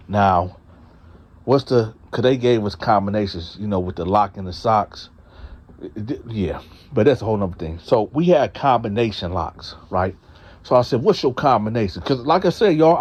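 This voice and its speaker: A man's voice: medium pitch, darkish tone. Profane, emphatic male storyteller. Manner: profane, emphatic, addresses listeners as y'all. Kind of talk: casual storytelling to an audience.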